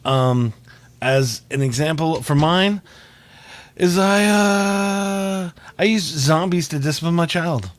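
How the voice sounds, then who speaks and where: Speaking slowly in a somewhat high voice, this young podcast host chats over a video call in a dry recording. His storytelling wanders, packed with filler words and false starts.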